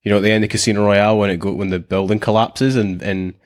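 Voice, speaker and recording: British man, podcast co-host, lowish, wry, rambling. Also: flat delivery, fast. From Britain. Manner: rambling, many restarts, wry. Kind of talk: casual chat.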